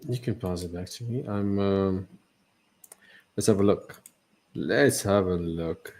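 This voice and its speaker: A man co-hosts a trading podcast in a low, darkish voice, taking things slowly. His casual banter is full of jokes, frequent laughter, and questions.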